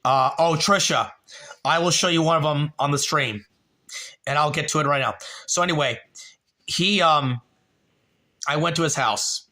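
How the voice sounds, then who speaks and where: A man talking casually on a live stream, rambling and halting with many fillers, and growing emotional about a dead relative. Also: on the high side, bright, forceful tone. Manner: rambling, repeats a friend's name, halting with fillers.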